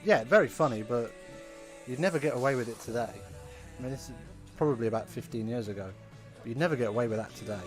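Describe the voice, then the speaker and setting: A man talks his way through a live rugby watch-along from his home, chatty and rambling with wry little asides. His voice sits at an ordinary middle pitch, and soft music plays quietly underneath. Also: quick pace.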